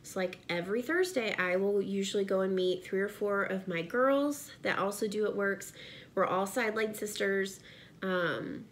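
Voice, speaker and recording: A pregnant direct sales seller films a casual vlog in her home office, talking earnestly right to viewers. She speaks at normal speed in a medium-pitched voice, with slight background noise present.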